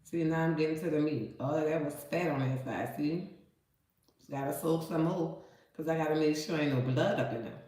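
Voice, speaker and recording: A woman's voice: sits low, fairly quick, dark tone. A woman, chatting folksily to viewers while she cooks and cleans meat in her kitchen. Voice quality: nasal. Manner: chatty, folksy, calls viewers baby and honey. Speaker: cooking vlogger. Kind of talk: casual cooking talk to viewers. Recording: very echoey room.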